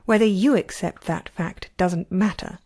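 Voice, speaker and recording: A delicate young girl disciple gives crisp, cutting retorts, as a woman reads her. The delivery stays cool and measured. It is an amateur storybook reading. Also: lowish voice, darkish tone. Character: sweet young female disciple turned sharp-tongued.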